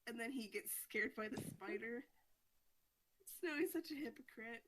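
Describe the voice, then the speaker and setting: A woman's voice: fairly high pitch, normal speed, a bit bright, rough recording. A woman podcast host casually recapping a comic story, chatty and full of "like". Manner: chatty, fillers of "like", frequent laughter.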